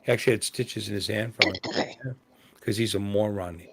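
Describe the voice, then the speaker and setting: A man hosting a casual live chat, telling rough stories with frequent laughs and swearing. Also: lowish voice, steady tone, brisk, crowd noise. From Pennsylvania. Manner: profane, laughing storyteller. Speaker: host.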